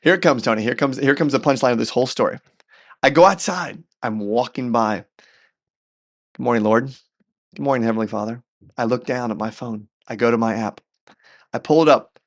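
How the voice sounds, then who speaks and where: A man as a podcast guest telling a personal story in an animated, earnest way, often repeating words as he goes. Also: medium pitch, brisk. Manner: faith-centered, earnest. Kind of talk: storytelling in conversation.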